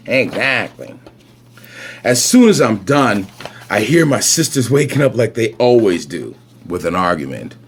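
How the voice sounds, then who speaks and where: A man with a Caribbean accent reading his own children's picture book aloud, playful and breaking off to comment on the pictures. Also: fairly high pitch.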